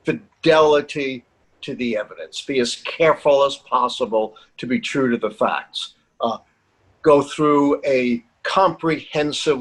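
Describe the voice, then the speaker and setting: Older American male academic guest, husky voice, emphatic and indignant, punches key words. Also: medium pitch, poor audio. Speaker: political science professor, guest. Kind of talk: TV interview answers.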